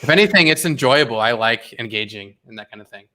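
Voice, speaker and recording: A young man hosting a casual livestream watch party, talking in an animated, rambling way full of fillers and restarts. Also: mid-range voice, quick pace.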